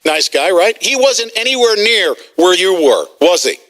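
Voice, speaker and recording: Man, radio talk host, agitated and shouting, high-pitched, bright forceful voice. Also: sing-song, normal speed. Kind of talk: heated talk radio rant.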